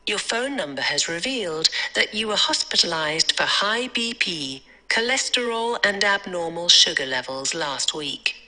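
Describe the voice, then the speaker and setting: A woman's voice: fairly low pitch, expressive, a little slow, few pauses, bright, forceful tone, exaggerated voice. A woman voicing a polite, tone-deaf female AI customer care agent who talks in scripted service phrases. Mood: bright scripted.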